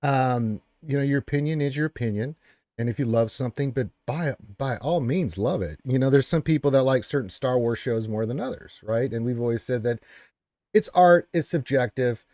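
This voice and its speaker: A man's voice: medium pitch, normal speed, darkish tone, dry recording, clean studio sound. Boisterous teasing man hosting a stream. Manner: boisterous, teasing, says "right?" often. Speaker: show host. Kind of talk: casual live-stream hosting.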